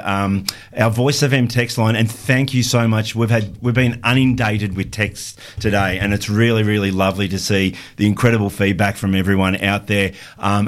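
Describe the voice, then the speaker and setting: Aussie guy on community radio, lowish voice, chatty and eager, lots of ums. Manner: upbeat, rambling with fillers and restarts. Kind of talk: casual radio chat.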